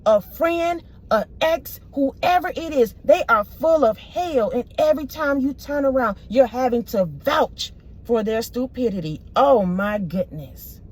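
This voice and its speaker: A woman talks straight to her audience through a spiritual reading. Her voice sits a little high, and she speaks in emphatic, repeating bursts broken up by exclamations. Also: a little mellow. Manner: emphatic, repetitive, exclaims "oh my goodness". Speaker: tarot reader.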